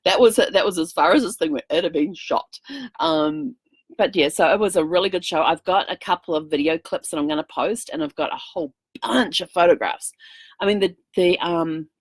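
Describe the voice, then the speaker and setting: A woman's voice: lowish voice, animated, normal speed, creaky, breathy edge, no echo. A middle-aged woman vlogging in casual chat, telling a rambling story full of fillers. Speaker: travel vlogger.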